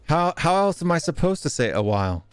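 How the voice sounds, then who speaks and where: A man's voice: fairly high pitch, very animated, brisk, clean tone, no room sound, faint music behind. A man with a Southern US accent mixing Texas and East Tennessee, hosting a casual fan podcast with a joking, teasing manner. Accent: Southern US, Texas and East Tennessee mix. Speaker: podcast host.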